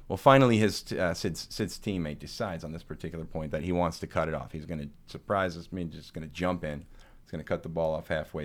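A man co-hosting a casual chat, telling a long story with laughs, swearing and frequent restarts. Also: rumbling low. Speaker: podcast co-host.

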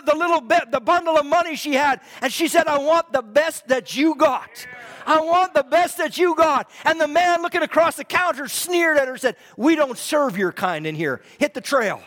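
A man preaching a fervent sermon in a church, repeating his lines and swinging from loud to hushed. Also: extremely high pitch. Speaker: pastor. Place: church hall. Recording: long hall reverb.

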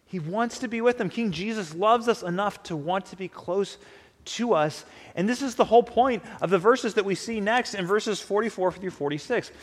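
A man's voice: high voice, moderate pace. A man preaching a conversational sermon, often acting out imagined dialogue. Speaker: pastor. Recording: long hall reverb.

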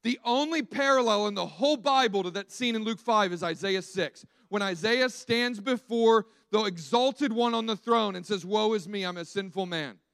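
High-voiced animated male preacher. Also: moderate pace, gravelly, few pauses, no echo. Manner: animated storytelling, acting out quotes. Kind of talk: sermon.

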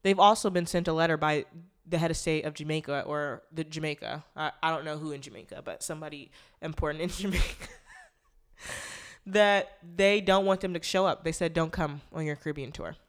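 A woman's voice: low-pitched, steady tone, brisk, smooth. A young woman hosting a podcast, talking in a casual, rambling way, often correcting herself and speaking bluntly and irreverently. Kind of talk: casual commentary monologue.

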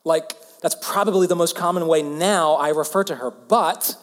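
A man in his thirties from Alabama with a Southern US accent, preaching a sermon earnestly and dropping to hushed softness for emphasis. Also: a little high, moderate pace, long reverb tail. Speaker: pastor.

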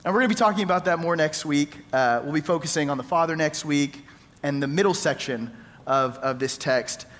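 Male pastor, conversational sermon storyteller, slightly high voice, long hall reverb. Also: a little fast, fairly bright tone. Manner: conversational storytelling preacher, acts out quoted lines.

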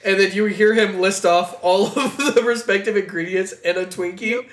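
A podcast participant recounting a movie moment in an amused, drawn-out way. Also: mid-range voice, echoey room. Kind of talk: casual comedy podcast chat.

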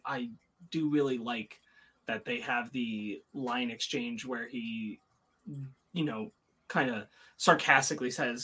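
A man co-hosting a casual review chat, his voice sitting in a middle pitch. He speaks hesitantly and fills pauses with ums and uhs. The tone is easygoing and conversational. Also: sharp tone, husky. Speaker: podcast co-host.

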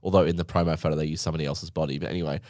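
A man co-hosting a casual chat, gossipy and joking, quick to laugh. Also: very deep voice, steady tone, a little mellow, no echo, studio quality. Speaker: podcast co-host.

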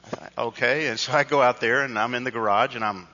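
A pastor with a bright, forceful voice tells a funny story from the pulpit, loose and conversational. His voice rings through a big hall with a long tail of reverb, and the sound is slightly dull. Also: mid-range voice, fairly even intonation, quick pace. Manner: conversational storytelling, self-deprecating. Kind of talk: sermon with personal story.

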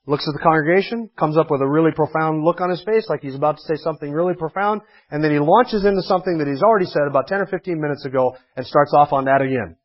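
A man's voice: on the high side, highs cut off. A man preaching a sermon as a pastor, in a conversational way with dry humor and emphatic repetition.

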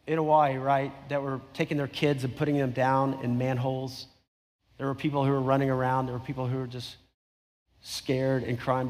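A middle-aged man preaching a sermon, telling a story in a conversational way with emphatic repetition. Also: medium pitch. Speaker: pastor. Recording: long hall reverb.

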